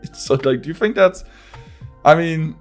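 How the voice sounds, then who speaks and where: A man's voice: a little high, moderate pace, faint music behind. A man hosting a casual podcast who rambles profanely, packing his talk with "like" and breaking into laughs. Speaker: podcast host.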